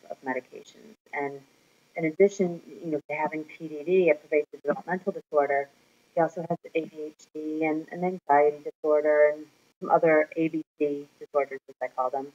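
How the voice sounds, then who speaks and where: A mother talking to her camera in a casual vlog, telling a candid, rambling story with plenty of fillers. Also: low voice. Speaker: mother vlogging about her son. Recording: slightly dull lo-fi recording.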